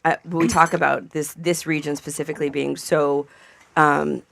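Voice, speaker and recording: A woman's voice: low voice, little pitch movement, normal speed, gravelly, fairly bright tone. A woman chef talking casually on a radio panel, rambling with plenty of fillers. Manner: chatty, rambling with many fillers. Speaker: chef guest. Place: radio studio.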